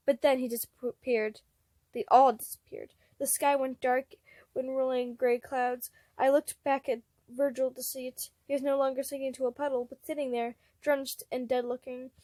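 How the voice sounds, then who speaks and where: A woman reading fan fiction aloud, expressive and breaking off now and then to comment. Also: sits high, normal speed, no echo.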